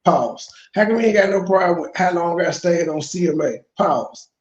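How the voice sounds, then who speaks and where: A man's voice: high-pitched, expressive, normal speed, reverberant, highs cut off. A man hosting reaction commentary, profane and mocking as he rants. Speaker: commentary host.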